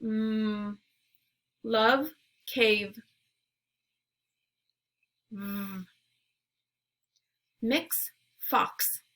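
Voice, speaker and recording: Woman teacher, phonics drill, slow careful delivery, bright clear tone. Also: a little high. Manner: encouraging. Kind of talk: phonemic awareness lesson.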